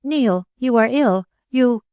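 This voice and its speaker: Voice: medium pitch, fairly quick, a little mellow, clear, resonant tone, no room sound, studio quality, pitched above the performer's own voice, close to an everyday voice. A narrator voicing a spirited young woman who speaks coolly and with defiance. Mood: defiant. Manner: cool, defiant.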